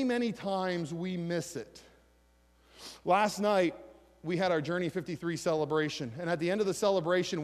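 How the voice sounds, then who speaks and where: A man preaches with energy, reading verses and asking his listeners questions. His voice sits fairly high. The sound rings with a long hall reverb. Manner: animated preaching, reads scripture aloud, asks the congregation questions. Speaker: pastor. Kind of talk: sermon.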